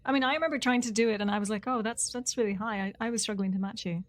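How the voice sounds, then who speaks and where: A woman's voice: fairly high pitch, rapid-fire, heavy background noise. A woman co-hosting a podcast in casual, teasing banter, laughing easily. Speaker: podcast co-host. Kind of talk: casual chat.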